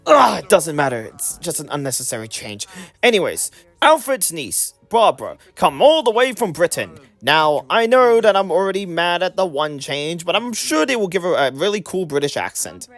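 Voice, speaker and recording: Lively sarcastic review narrator. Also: medium pitch, normal speed, faint music behind. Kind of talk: scripted comedic review narration.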